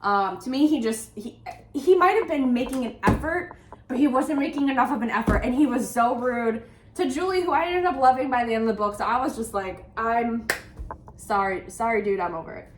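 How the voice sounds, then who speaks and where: A woman with a slightly high voice rants about a book in casual, animated bursts, leaning on "like" as she goes. Her voice rings in a roomy, echoey space. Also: brisk, background noise. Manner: animated, exasperated ranting with frequent "like". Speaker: book podcast co-host. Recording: roomy echo.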